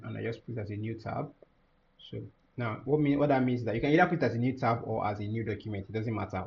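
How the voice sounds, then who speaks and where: A man teaching a software tutorial over a screen share, thinking aloud with many fillers and restarts. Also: lowish voice, creaky, muffled recording, slight background noise. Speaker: course instructor.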